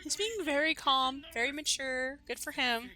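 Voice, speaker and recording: A woman's voice: high voice, normal speed, bright, forceful tone. A woman giving casual, chatty reaction commentary on an anime episode, full of fillers like "like" and "you know".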